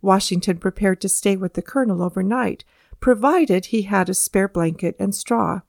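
A woman reading historical anecdotes aloud as a steady storybook narration, lifting her voice for quoted speech. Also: medium pitch, moderate pace, vocal fry, dry recording, clean studio sound. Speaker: audiobook reader. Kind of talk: scripted narration.

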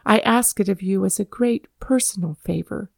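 A woman's voice: mid-range voice, normal speed, gravelly, no echo, clean studio sound. A woman voicing a frail, forgiving old man who speaks in plain, earnest pleas.

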